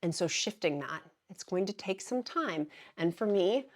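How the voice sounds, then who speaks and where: A middle-aged woman vlogger talking casually to camera, chatty and giggly, warm and encouraging as she reads out names. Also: mid-range voice, animated, normal speed.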